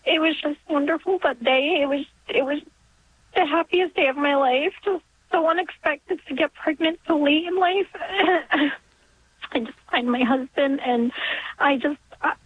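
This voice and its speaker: A woman in her forties phones in to a radio show. Her high voice comes over a tinny phone line, and she speaks emotionally and haltingly, close to tears. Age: 40s. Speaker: caller. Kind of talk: call-in radio talk.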